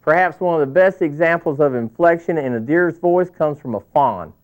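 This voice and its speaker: A man with a fairly high voice hosts an instructional video at a normal speed, presenting in a folksy, scripted style and calling himself a cowboy. The sound is tinny and phone-like, like an old VHS tape.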